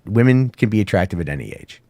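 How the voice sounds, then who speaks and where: Man, very low voice, gravelly fry, hoarse from sickness, crude joking banter, dry sound. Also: sing-song, quick pace, a little mellow, no room sound. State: sick, hoarse. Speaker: co-host. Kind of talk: casual banter.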